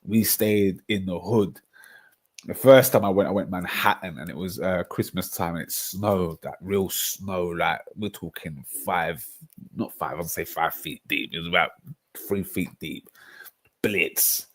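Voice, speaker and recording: A man with a London accent hosting a casual football livestream, talking in an animated way, laughing often and reading out chat. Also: low voice, measured pace. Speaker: streamer.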